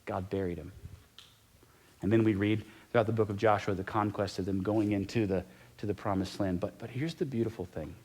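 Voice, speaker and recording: A middle-aged pastor preaching a sermon in a conversational way, repeating key phrases for emphasis and sometimes dropping to a near whisper. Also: male voice, fairly low pitch, brisk, darkish tone.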